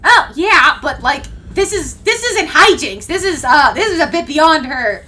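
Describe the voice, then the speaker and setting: A woman streamer reading a visual novel aloud, animated and exclaiming often. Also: high-pitched, measured pace. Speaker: let's play streamer.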